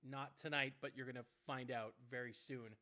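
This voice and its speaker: A man's voice: medium pitch, steady tone, brisk, a loud crowd. A man co-hosting an online karaoke show in casual livestream chat, effusive and rambling with many restarts.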